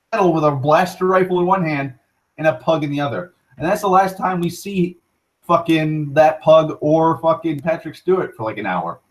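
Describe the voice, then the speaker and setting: A young man with a slightly higher-than-usual voice rambles through a casual online monologue. He swears freely, trips over his words and restarts sentences. His tangents turn excited. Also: rough recording. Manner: rambling, profane, self-correcting, excitable. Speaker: internet talk show host.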